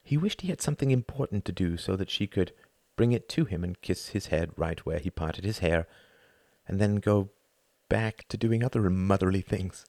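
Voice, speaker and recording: A man narrating a novel as an audiobook in a measured, expressive reading. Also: deep voice, dry recording.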